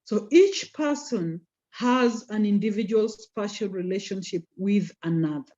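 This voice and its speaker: A woman teaching a class online, slowing down to stress key terms and teasing students by name. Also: mid-range voice, lively intonation, dark tone. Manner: code-switches into Swahili, teasing students by name. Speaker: communication skills lecturer. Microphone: video call. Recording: lo-fi video call audio.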